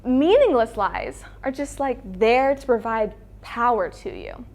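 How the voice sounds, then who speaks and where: Teen girl doing a stand-up bit, high voice, really animated, does little voices for her family. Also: unhurried. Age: teens. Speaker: student comedian. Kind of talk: stand-up routine.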